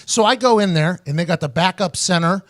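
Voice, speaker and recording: A man hosting his own podcast, telling stories loudly and with a lot of animation, swearing freely and laughing often. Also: sits high, fairly quick. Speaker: podcast host. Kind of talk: casual storytelling.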